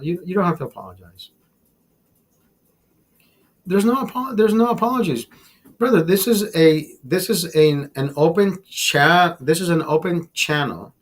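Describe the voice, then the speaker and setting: Stream host, male, fairly high voice, swears constantly, ranting and repeating himself. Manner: profane, emphatic, calls listeners brother; repeats and restarts words while ranting. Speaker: livestream host. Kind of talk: casual livestream rant.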